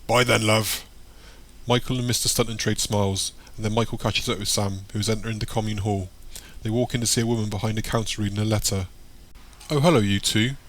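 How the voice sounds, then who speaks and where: Guy narrating a story, lowish voice, steady read. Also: quick pace, hardly any pauses. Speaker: audiobook narrator. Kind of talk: audiobook narration.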